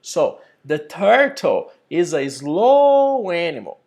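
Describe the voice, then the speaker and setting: A man teaching an English lesson over a video call, slow and deliberate, building up example sentences. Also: sits high, big pitch swings.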